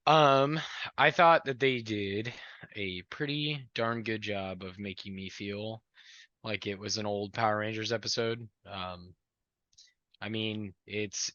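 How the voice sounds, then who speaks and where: Low-voiced man with a bright, forceful edge. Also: a little slow, no room sound. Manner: relaxed, hesitant with fillers. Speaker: podcast co-host. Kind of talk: casual review chat. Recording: dry, muffled lo-fi audio.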